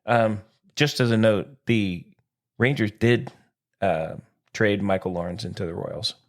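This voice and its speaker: A man's voice: on the low side, measured pace. A man co-hosting a casual sports podcast, joking and playfully exaggerating. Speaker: podcast co-host.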